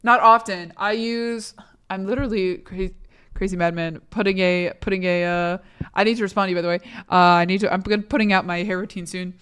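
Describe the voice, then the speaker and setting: Hoarse young woman streamer chatting with viewers. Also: mid-range voice, fairly even intonation, fairly quick, fairly bright tone. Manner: blunt, swears casually, restarts sentences. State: sick, voice going hoarse. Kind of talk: casual chat reading a live chat.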